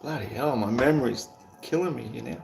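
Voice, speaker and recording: Gravelly-voiced Australian man chatting on stream. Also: mid-range voice, brisk, darkish tone, faint music behind. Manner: rambling, laid-back, swears casually, chuckles often. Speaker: livestream host. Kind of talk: casual chat while reading viewer comments.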